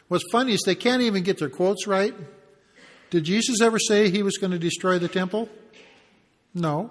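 A man's voice: sits high, normal speed, long pauses, big-room sound. A man preaching a conversational expository sermon, reading verses and acting out brief taunts as asides. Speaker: pastor.

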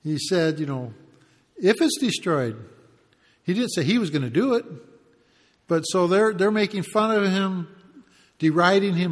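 High-voiced man preaching in a reverberant hall. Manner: conversational, acts out the mockers' taunts in asides. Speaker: pastor. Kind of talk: expository sermon.

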